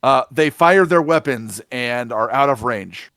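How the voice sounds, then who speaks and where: A man running a tabletop space game as game master, explaining rules in a relaxed, matter-of-fact way. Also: mid-range voice, measured pace, dry recording, studio quality.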